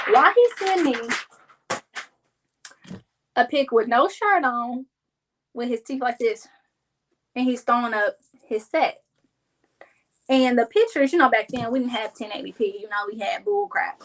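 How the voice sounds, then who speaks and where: A young woman from Kansas City chatting casually to her viewers, telling a story and acting out her friends' lines in a higher voice. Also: animated, unhurried, pauses often, a bit bright, a little hiss or hum, poor audio. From Kansas City, Missouri. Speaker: vlogger. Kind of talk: casual storytelling while crafting.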